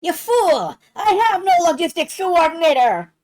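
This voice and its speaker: A woman's voice: extremely high pitch, very animated, unhurried, a little mellow, voice pushed up, full character voice. Woman playing a furious male crime boss with a menacing bellow, read aloud from a comic.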